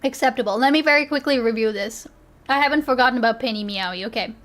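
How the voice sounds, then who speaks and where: Woman streamer, high voice, casual chat, breaks off mid-sentence and restarts a lot. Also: quick pace, a bit bright. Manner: self-interrupting, frequent restarts and laughs.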